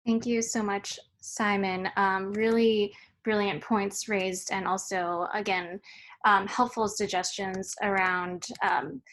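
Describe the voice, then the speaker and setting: A woman moderates an online academic panel, summing up a talk and introducing the next speaker. She speaks in a measured, mid-pitched voice, pausing often on filler ums. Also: flat delivery, fairly bright tone. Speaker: forum moderator. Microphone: video call.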